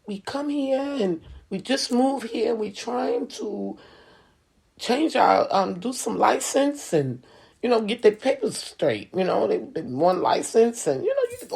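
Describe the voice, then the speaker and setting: A woman voicing a newly arrived immigrant man who slowly and earnestly explains his trouble getting papers. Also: mid-range voice, gravelly, a little mellow, husky, pitched above the performer's own voice, full character voice.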